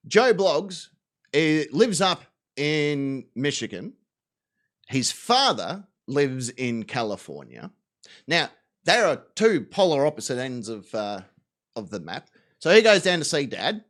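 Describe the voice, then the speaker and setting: A man with a high, bright voice hosts a live talk show. He tells a long anecdote with plenty of profanity, swinging his pitch widely and slipping into quick voices for each character. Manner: animated, profane storyteller doing quick voices.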